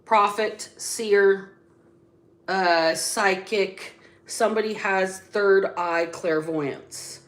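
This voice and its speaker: A woman's voice: mid-range voice, steady tone, very slow, slight background noise. A woman doing a spiritual tarot reading, blunt and casual, drawing words out with sudden emphatic bursts. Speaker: psychic tarot reader.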